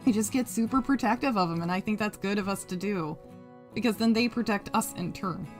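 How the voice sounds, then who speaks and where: A woman's voice: mid-range voice, a little fast. A woman hosting a casual craft live stream, reading chat messages aloud, laughing often and swearing freely. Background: faint guitar music.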